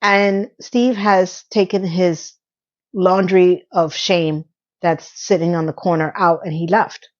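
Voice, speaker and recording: A woman's voice: lowish voice, steady tone, slow pace. A woman casually recapping a TV episode, briefly acting out the characters' lines as she goes. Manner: chatty, acts out quotes in passing. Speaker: recap host. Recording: dull lo-fi sound.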